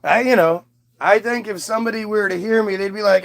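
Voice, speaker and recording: A man's voice: high voice, animated, moderate pace, creaky. A man from the United States hosting a casual livestream, reading chat aloud in a rambling, profane, self-mocking way.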